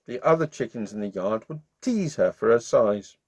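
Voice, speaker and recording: A man's voice: medium pitch, expressive, moderate pace, slightly rough. A man reading a bedtime story aloud to children in a playful, friendly way as the channel's storyteller. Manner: warm-hearted, playful, sings along.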